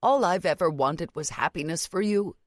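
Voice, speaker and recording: A woman voicing an affectionate, gently teasing grandmother over sixty. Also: lowish voice, normal speed, no room sound, studio quality, close to an everyday voice. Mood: fond. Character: warm, mischievous old grandmother.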